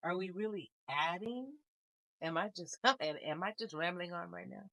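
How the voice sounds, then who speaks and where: A woman giving a casual spiritual card reading, speaking calmly and musingly with a melancholy air. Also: lowish voice, creaky, no room sound, poor audio. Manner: calm, unhurried, musing with soft laughs. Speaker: tarot reader.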